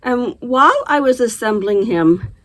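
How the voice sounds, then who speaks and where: A woman's voice: on the high side, lively intonation, a little slow, fairly bright tone. A middle-aged woman hosting a knitting video, chatting casually to camera and laughing easily as she talks. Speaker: knitting podcast host.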